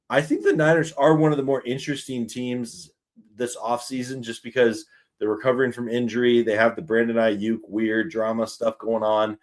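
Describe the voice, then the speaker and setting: A Canadian man hosting a sports show, chatting casually and upbeat through his football season predictions. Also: medium pitch. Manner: chatty, upbeat, self-deprecating. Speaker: sports podcast host.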